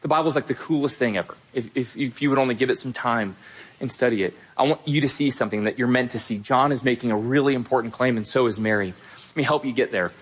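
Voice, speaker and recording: A man's voice: medium pitch, quick pace, husky. A male pastor preaching a sermon, talking straight to the listener with earnest, emphatic repetition.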